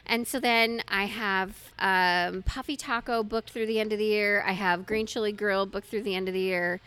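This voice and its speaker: A woman in her thirties co-hosting a casual podcast, telling stories in a chatty, animated way. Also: medium pitch, moderate pace, clean tone. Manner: chatty, animated storytelling with laughs. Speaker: podcast co-host.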